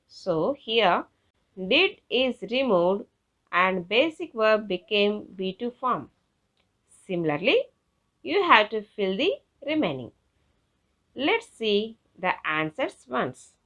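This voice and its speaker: A woman teacher with an Indian English accent, explaining a classroom lesson slowly and carefully. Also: mid-range voice, sing-song, fairly bright tone. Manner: slow, careful, instructive. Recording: dull lo-fi recording.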